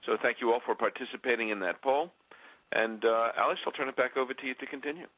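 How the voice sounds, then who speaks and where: A man co-hosting and moderating a webinar, relaxed and hesitant, filling pauses with "uh". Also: mid-range voice, dry recording, lo-fi sound.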